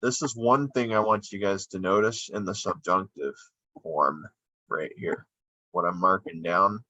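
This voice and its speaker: A man's voice: deep voice, a little slow, sharp tone, no room sound. A man teaching verb forms in a screen-recorded lesson, explaining unhurriedly as he draws on screen. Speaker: Spanish teacher. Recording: dull lo-fi dry sound.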